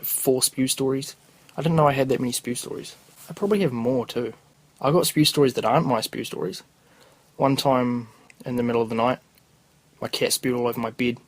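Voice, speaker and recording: A man's voice: mid-range voice, poor audio. A young man with a New Zealand accent, a podcast host telling rambling, crude stories in casual slang. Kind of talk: casual storytelling.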